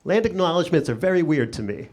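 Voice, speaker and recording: A man doing a stand-up comedy set on a club stage with a handheld mic, sarcastic, his pitch jumping up for punchlines and acted-out voices. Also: animated, quick pace, a little mellow. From United States. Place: comedy club stage before a laughing audience.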